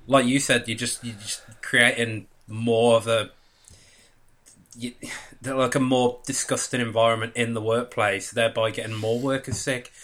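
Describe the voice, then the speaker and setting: A man's voice: medium pitch, flat delivery, normal speed, fairly bright tone. A man hosting a podcast, chatting in a rambling, talkative way and laughing easily. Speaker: podcast host. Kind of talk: casual chat.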